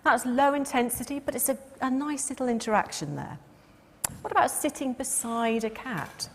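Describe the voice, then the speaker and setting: A middle-aged woman giving a lecture in a lively, expressive way, now and then acting out the voices of a cat and its owner. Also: high voice, normal speed, a little hiss or hum. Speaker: cat behaviour speaker. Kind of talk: lecture talk. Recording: long reverb of a lecture hall.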